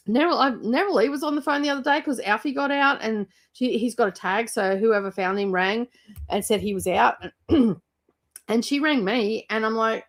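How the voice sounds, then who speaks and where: A woman's voice: on the high side, normal speed. A middle-aged Australian woman with a cold, hosting a casual livestream chat and rambling with frequent fillers. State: has a cold, clears throat. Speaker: book channel host.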